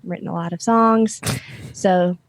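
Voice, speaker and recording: A woman's voice: on the low side, fairly even intonation, unhurried, a little hiss or hum. A woman from the American South with a Southern accent, chatting casually and poking fun at herself as a podcast guest. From Southern United States. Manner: giggly, self-deprecating. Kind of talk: casual chat. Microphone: mailed camera and microphone at home.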